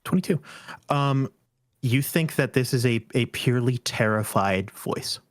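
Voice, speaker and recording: A young man running a tabletop game as game master, describing scenes and calling for checks at an easy, mid-pitched pace. The sound is dry and close. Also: measured pace, dry recording. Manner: relaxed, descriptive, calls for rolls.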